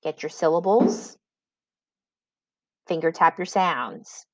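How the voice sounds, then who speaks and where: A woman's lowish voice carries a recorded spelling lesson for young learners, as this reading teacher pronounces words slowly and distinctly alongside example sentences. No echo is present.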